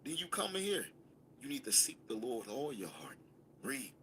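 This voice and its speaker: Man teaching bible class, sharp forceful voice, animated, commanding call-and-response. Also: mid-range voice, moderate pace, a little hiss or hum.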